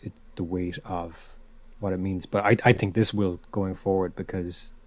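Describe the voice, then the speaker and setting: A man's voice: deep voice, flat delivery, moderate pace. A man co-hosting a casual film podcast, talking animatedly and repeating words as he builds his point. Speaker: podcast co-host.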